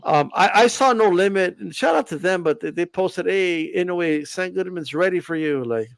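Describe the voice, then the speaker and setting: A man co-hosting a casual boxing chat, joking and animated, often tossing in "you know what I mean". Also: high-pitched, moderate pace, vocal fry, dry recording. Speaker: boxing podcast co-host.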